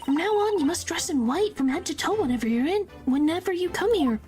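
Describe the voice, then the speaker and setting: A woman voicing a stately elderly male British chief justice, in a measured, formal and courteous manner over game music. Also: medium pitch, steady tone, natural voice. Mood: condescending. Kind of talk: reading game dialogue aloud.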